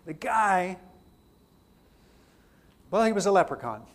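A man teaching a theology class, putting question after question to his students and swinging between loud emphasis and quiet asides. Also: high voice, very animated, slow. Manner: poses repeated questions to the class. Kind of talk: classroom lecture.

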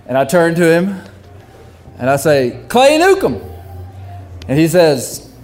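Man, middle-aged, slightly high voice, animated comic storytelling, self-deprecating. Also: unhurried, faint music behind.

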